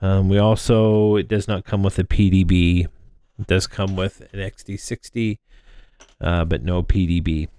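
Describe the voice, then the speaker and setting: The speaker, a man in his thirties, rambles casually through a drone frame build with many fillers and restarts. His low voice holds a steady tone at a moderate pace, warm and clean. He's captured dry on a close mic placed in front of him.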